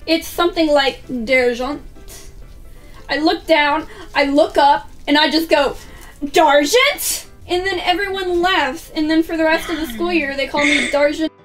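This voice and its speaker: A high-pitched woman rattles through a casual storytime vlog, swearing freely and acting out what people said. She sits a little back from the mic, and faint music plays underneath. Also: normal speed, distant mic. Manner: chatty, swears casually, acts out quotes. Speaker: vlogger.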